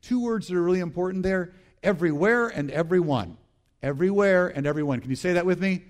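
A man's voice: high voice, expressive, fast talker. A male pastor preaching a sermon, repeating key phrases and calling on the congregation to respond.

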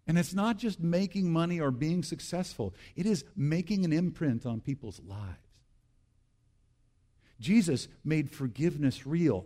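A man's voice: a little high, warm tone. A male pastor preaching a sermon, repeating key phrases and calling on the congregation to respond.

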